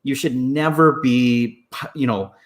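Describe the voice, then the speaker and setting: A man with a mid-pitched voice talks in casual podcast chat. He agrees readily with his co-hosts and makes his points with emphasis, swearing now and then. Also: a little slow. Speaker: podcast host.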